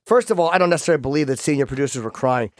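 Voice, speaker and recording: A man's voice: medium pitch, very fast, dry recording. A male radio host in casual studio banter, rambling through stammered restarts and swearing freely.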